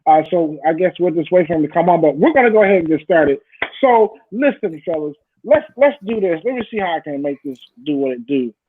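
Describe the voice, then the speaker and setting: A high-pitched man hosts a relaxed online panel over a video call. He speaks emotionally and animatedly and laughs often. A faint background noise sits under his voice. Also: a little fast, narrow, tinny audio. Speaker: host. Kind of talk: casual online panel chat.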